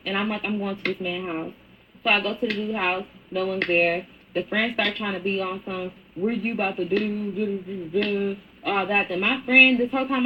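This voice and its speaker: Blunt, profane woman telling a story. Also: medium pitch. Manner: blunt, profane, animated retelling. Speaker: storyteller in a played clip. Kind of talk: casual storytime. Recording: dull lo-fi clip with faint noise.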